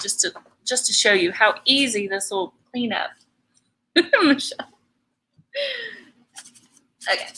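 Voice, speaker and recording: A woman's voice: medium pitch, bright, forceful tone, low-quality recording. A middle-aged woman chatting and teasing her viewers while teaching painting in a live tutorial. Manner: chatty, teasing, laughs often.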